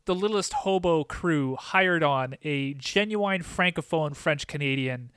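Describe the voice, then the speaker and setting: A man co-hosting a casual podcast. He talks in a chatty, rambling way full of fillers, and his voice sits a little higher than most men's. The recording is dry and close. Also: a little slow, fairly bright tone, smooth, dry recording. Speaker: podcast co-host. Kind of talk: casual chat.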